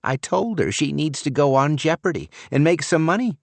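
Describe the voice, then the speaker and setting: A gushing middle-aged mother, voiced by a male narrator, chatters in a raised, lively voice. The audiobook read is dry and close-miked. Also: on the high side, moderate pace, gravelly, no echo, pitched above the performer's own voice.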